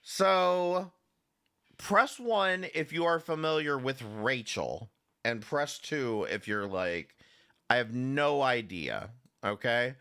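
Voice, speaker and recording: A man's voice: medium pitch, lively intonation, slow pace, bright, forceful tone, clean tone. A man hosting a live commentary stream, talking casually and sarcastically, greeting chatters by name and rambling with restarts and swearing. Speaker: livestream commentary host.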